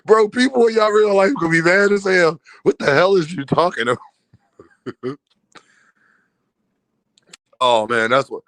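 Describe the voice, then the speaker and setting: A man's voice: high-pitched, slow pace, pauses often, fairly bright tone, dry recording. A man hosting a boxing live stream in casual, slangy talk, laughing often, mocking, and talking to his chat. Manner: laughs a lot, mocking, repeats a running catchphrase.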